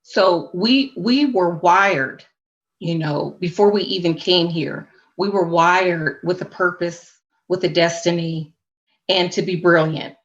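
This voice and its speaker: A woman's voice: lowish voice, slow, highs cut off. A woman speaking as a spiritual coach and interview guest, earnest and reflective, with faith-tinged phrasing.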